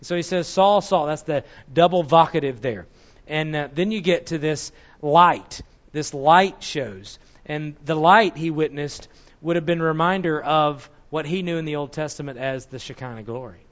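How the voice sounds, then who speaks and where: A man preaches a teaching sermon, walking listeners through scripture. He explains step by step and stops now and then to correct a slip. His voice sits a little high, and the recording is muffled and lo-fi. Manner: explanatory, corrects himself mid-sentence. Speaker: Bible teacher.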